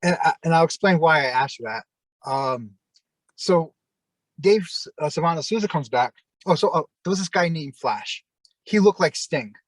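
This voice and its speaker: A former wrestler as an interview guest, telling long rambling anecdotes with lots of fillers and acted-out quotes. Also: male voice, a little high, animated, moderate pace, dry recording, rough recording. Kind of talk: casual storytelling.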